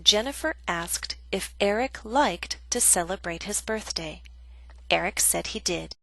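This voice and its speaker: A woman reading a scripted English grammar lesson, speaking slowly and clearly with careful, deliberate emphasis. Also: mid-range voice, lively intonation, fairly bright tone, dry recording, low-quality recording. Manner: slow, deliberate, clearly enunciated. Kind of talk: scripted instructional narration.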